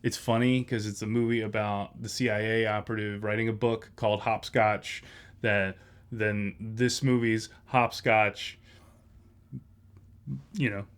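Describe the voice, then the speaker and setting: A man co-hosting a film podcast, talking in a relaxed, rambling way with many fillers. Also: lowish voice, a little slow, clear, resonant tone. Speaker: podcast co-host. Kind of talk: casual film discussion.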